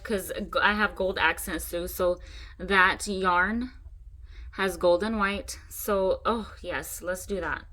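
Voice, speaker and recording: Chatty, excitable woman crafter. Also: fairly low pitch. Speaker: craft channel host. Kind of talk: casual crafting tutorial.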